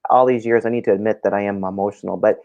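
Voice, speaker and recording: A woman's voice: extremely low pitch, steady tone, rapid-fire, lo-fi sound. A woman hosting a conversation, speaking earnestly and restarting her sentences when she is moved. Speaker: host. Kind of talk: casual conversation.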